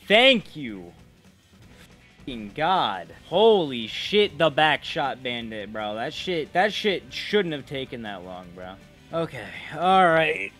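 A man giving casual gameplay commentary, swearing and trash-talking the bosses. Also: a little high. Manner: profane, excitable, trash-talks bosses. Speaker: gaming video creator.

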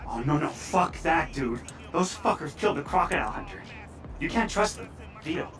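A jumpy young hacker who swears freely and spins wild stories in a video game. His high voice bounces all over the place. He sounds a little distant from the mic, with loud game music behind him. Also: moderate pace. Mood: joking. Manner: profane, excitable storytelling. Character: joking, paranoid young male hacker.

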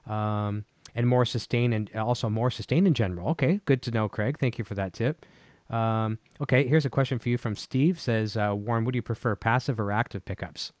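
A man's voice: mid-range voice, fairly even intonation, brisk, darkish tone, no echo. A male host in casual chat, reading viewer comments aloud with many ums and uhs.

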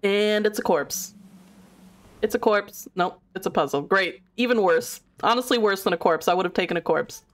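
A woman's voice: medium pitch, moderate pace. Giggly, foul-mouthed woman streamer. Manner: giggly, chatty, swears casually. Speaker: game streamer. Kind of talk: casual live-stream chat.

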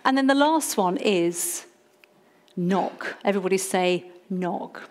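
A woman preacher giving a sermon, leading her congregation in call-and-response with a playful, energetic manner. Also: medium pitch, takes it slowly. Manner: lively, leads call-and-response, jokes with the congregation. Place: church service.

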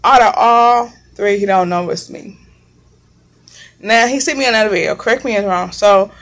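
A woman's voice: medium pitch, moderate pace, fairly bright tone. A young woman vlogger telling a long story in a casual, blunt and profane way, rambling as she goes. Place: home kitchen.

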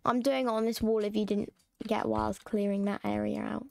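A woman's voice: medium pitch, little pitch movement, brisk, gravelly, darkish tone, dry recording. A woman chatting casually and rambling while she streams a game. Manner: chatty, rambling, self-mocking.

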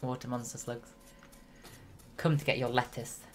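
A British woman chatting casually to her viewers while streaming a game, with sudden excited outbursts. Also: very deep voice, normal speed, slight background noise. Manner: chatty, talks to chat, bursts into excited shouts. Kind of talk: casual live gameplay commentary. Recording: loud game music behind.

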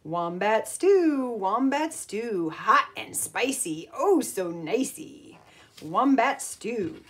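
A woman voicing a sly male dingo cook in a storybook read-aloud, chanting his stew song slowly. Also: fairly high pitch, expressive. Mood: sing-song. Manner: slow sing-song chanting.

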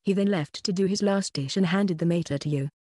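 An audiobook narrator reading a web novel in an even, unhurried way. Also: mid-range voice, husky, no echo, clean studio sound.

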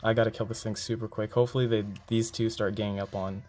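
A man giving live gameplay commentary, excitable and quick to groan and exclaim. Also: lowish voice, faint music behind. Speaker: game video creator.

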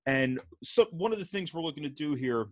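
A man hosting a casual interview over a video call, relaxed and friendly, using jazz slang. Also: fairly high pitch, brisk, dry recording. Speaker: host, band director.

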